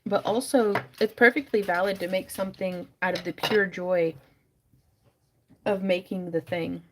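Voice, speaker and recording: A woman's voice: lowish voice, fairly even intonation, moderate pace, a little hiss or hum. A woman hosting a casual craft livestream from her home craft room, chatty and often dropping into whispered baby talk. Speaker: livestream host selling crafts.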